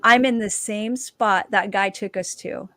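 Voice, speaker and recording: A woman, a dancer and author, telling her personal testimony as a guest and lively acting out the quoted dialogue. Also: mid-range voice, unhurried, dry recording.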